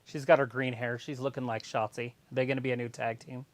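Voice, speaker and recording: A man co-hosting a live wrestling watch-along stream, chatting casually and telling animated stories with plenty of swearing. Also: medium pitch, fast talker. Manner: animated storyteller, swears freely, sings off-key snippets.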